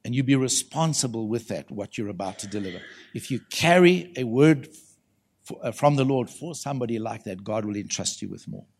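A man's voice: medium pitch, normal speed, gravelly. A man preaching at a church conference in a conversational sermon style, telling stories animatedly and calling out to the congregation. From South Africa. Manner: animated storytelling, calls out to the congregation, voices quoted people.

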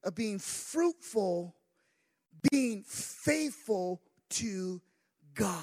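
A man preaching as pastor, moving from quiet asides to shouted, sing-song delivery with many "uh" fillers. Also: high voice, lively intonation, extremely slow. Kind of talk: sermon.

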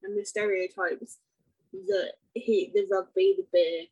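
Thoughtful woman co-host, slightly husky voice, close and dry. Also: mid-range voice, expressive, measured pace, darkish tone, no room sound, dull audio. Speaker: podcast co-host. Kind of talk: casual chat reviewing a TV drama.

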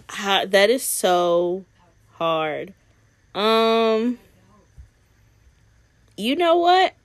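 A woman's voice: mid-range voice, very slow, long pauses, no echo. A woman co-hosting a podcast, chatting casually and telling stories with lots of giggling. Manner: giggly, animated storyteller. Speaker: podcast co-host. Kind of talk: casual chat.

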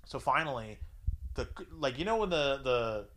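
A man telling a crude comic story in casual chat, profane and animated, acting out the people he quotes. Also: mid-range voice, normal speed, slight background noise.

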